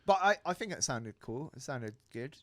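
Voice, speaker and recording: A man co-hosting a music podcast in easygoing casual chat, enthusiastic and quick to laugh along. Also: medium pitch, animated, a crowd in the background. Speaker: podcast co-host.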